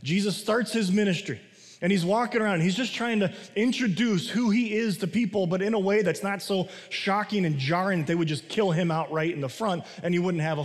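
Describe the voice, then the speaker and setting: A pastor giving a sermon, mixing casual asides and restarts with slow, stressed phrases. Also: male voice, sits high, long reverb tail.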